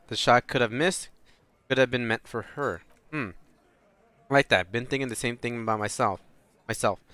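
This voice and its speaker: A man records gameplay commentary on a close, dry mic, with a bright, crisp voice. He reads the game's lines aloud, then breaks off into loud, profane reactions. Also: mid-range voice, dry recording. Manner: swears freely, reacts loudly, reads dialogue in a flat voice. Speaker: let's play host reading game text aloud. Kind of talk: casual gameplay commentary with read-aloud dialogue.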